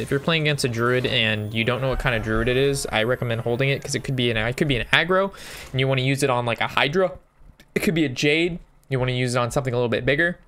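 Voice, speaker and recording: A man's voice: medium pitch, a bit bright. A man giving casual gameplay commentary, thinking through his moves aloud and sometimes breaking into a sweary rant. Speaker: game streamer.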